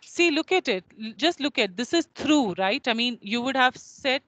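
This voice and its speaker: A woman's voice: high voice, expressive, moderate pace, bright, forceful tone, rough recording. Indian English woman lecturing online. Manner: explanatory, with frequent checking questions.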